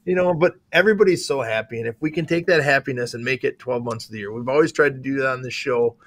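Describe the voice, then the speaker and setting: A man's voice: medium pitch, fast, fairly bright tone. A middle-aged man with an Upper Midwest American accent, a county sheriff co-hosting a casual talk show, talking in upbeat, rambling bursts that often restart mid-sentence. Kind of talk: casual chat.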